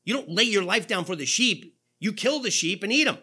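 Animated preacher with a husky voice. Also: male voice, sits high, fairly quick. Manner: animated preaching, rhetorical questions, quoting scripture. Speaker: pastor. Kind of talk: sermon.

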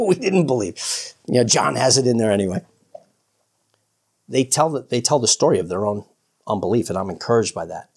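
A preacher giving an informal sermon, chuckling often and acting out biblical dialogue in a conversational way. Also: mid-range voice. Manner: informal, chuckles often, frequent "you know"; acts out biblical dialogue in quoted voices.

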